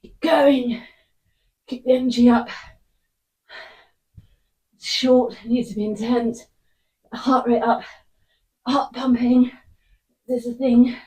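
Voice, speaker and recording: A fitness instructor talks a viewer through a hard interval workout, panting and out of breath as she goes. Her voice is mellow and sits a little high for a woman, and her pace is slow and unhurried. She sounds set back from the microphone. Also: steady tone. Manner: encouraging, short panting cues. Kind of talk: workout follow-along coaching. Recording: voice picked up from a distance.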